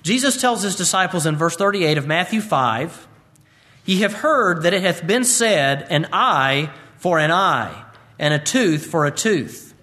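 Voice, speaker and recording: A man preaching an expository sermon as a pastor. He reads scripture in a measured King James cadence, then explains it briskly and emphatically, with rhetorical questions. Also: on the high side, lively intonation, sharp tone.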